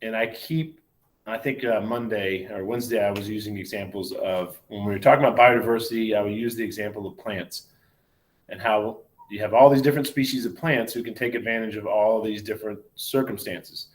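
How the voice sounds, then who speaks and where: A man's voice: on the low side, fairly even intonation, a little fast. Man giving a loose biology lecture. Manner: conversational, many fillers and self-corrections, asks "right?" often. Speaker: biology professor. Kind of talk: recorded university lecture.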